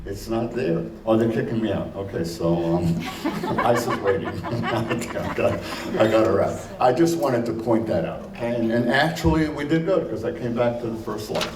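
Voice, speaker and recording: A man giving a conversational conference lecture, full of fillers and slowing to stress points. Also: mid-range voice, crowd noise. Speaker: conference speaker. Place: conference hall. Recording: roomy hall, distant mic, faint noise.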